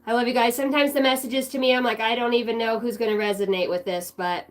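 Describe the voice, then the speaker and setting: This livestreaming tarot reader has a fairly high, steady voice and talks quickly, with a little hiss or hum in the audio. Her collective reading is loose and rambling, peppered with fillers and casual swearing, and she speaks directly to chat.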